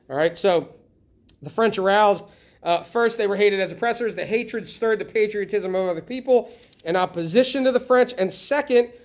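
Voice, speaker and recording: High-voiced lively male history teacher. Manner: lively, asks the class frequent questions. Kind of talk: classroom lecture.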